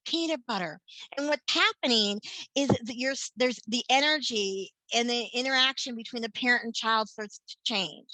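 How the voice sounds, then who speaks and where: A woman with a bright, somewhat high voice presents a workshop on family therapy. She talks in an earnest, explanatory way and often restarts or repeats words mid-sentence. The sound is dry, with no room around it. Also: no echo, rough recording. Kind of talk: conference workshop talk.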